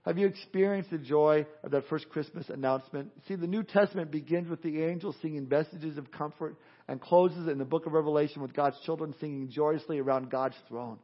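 A man with a Texan accent preaching a sermon as pastor, animated, acting out quotes and little scenes, often repeating himself. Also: a little high, a little fast. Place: church sanctuary. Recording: dull lo-fi recording.

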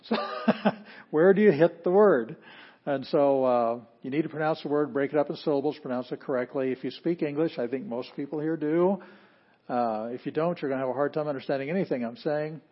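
A man giving an informal lesson on Greek pronunciation, relaxed and self-correcting, repeating words slowly to demonstrate them. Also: medium pitch, lo-fi sound. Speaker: Greek teacher. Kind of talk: informal classroom lecture.

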